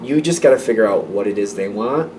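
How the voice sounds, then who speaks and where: A man's voice: lowish voice, lively intonation, fairly quick, distant mic, noisy background. A man giving a casual tarot reading, chatty and repetitive, with small laughs between his thoughts. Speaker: tarot reader.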